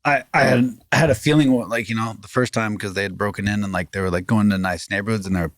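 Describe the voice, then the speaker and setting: A man, a podcast guest telling a story in rambling, animated casual talk full of restarts. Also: on the low side, fast, no echo, studio quality. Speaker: podcast guest, former fighting champion.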